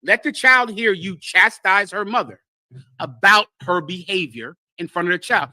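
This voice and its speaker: A man's voice: sits high, animated, normal speed, pushed and bright, no room sound. A man leading a congregation class, teaching in a blunt, emphatic, preachy style.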